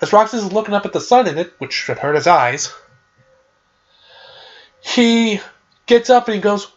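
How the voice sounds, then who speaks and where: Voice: mid-range voice, unhurried, pauses often, dull audio. A podcast host casually recapping a game's story in a loose, rambling way, with lots of "like" and "uh". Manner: loose and chatty, with frequent "like" and "uh".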